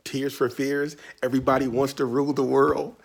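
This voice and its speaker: A man's voice: medium pitch, level tone, normal speed, gravelly. A man from Virginia answering reader questions in a casual, playful, chatty way from his writing studio. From Tidewater Virginia, US. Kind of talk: casual video Q&A.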